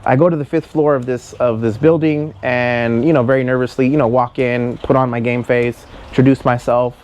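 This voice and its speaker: A man's voice: medium pitch, steady tone, normal speed, darkish tone. A man in his thirties, a guest telling a story in casual chat, rambling and full of "you know" and "right".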